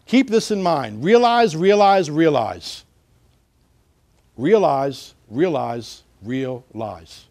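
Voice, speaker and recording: A middle-aged man giving an instructional talk as a security trainer, lively, acting out bits of example dialogue. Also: fairly high pitch. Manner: animated, acts out example dialogue.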